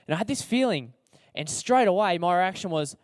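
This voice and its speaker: A man's voice: high-pitched, lively intonation, fairly quick, no echo, clean studio sound. A young Australian man telling his own story to an audience in a chatty, slangy, self-deprecating way, with lots of fillers. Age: young adult. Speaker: speaker sharing his testimony.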